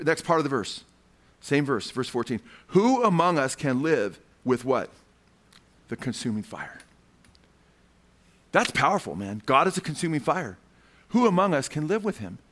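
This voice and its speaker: A man's voice: fairly high pitch, sing-song, normal speed, fairly bright tone. A male preacher giving a fervent sermon. He keeps calling his listeners "man" and puts questions to the crowd.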